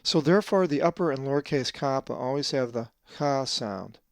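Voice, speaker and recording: A man's voice: medium pitch, animated, no echo, studio quality. Methodical man teaching Greek letters. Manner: methodical, drawn-out slow stress on Greek words. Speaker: Bible translator teaching Greek pronunciation. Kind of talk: scripted teaching lesson.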